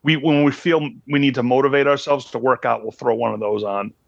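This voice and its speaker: A man's voice: medium pitch, fairly even intonation, fairly quick, creaky, dry recording, highs cut off. A man co-hosting a podcast, chatting casually in a joking, playfully indignant way. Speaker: podcast co-host, actor. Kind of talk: casual chat.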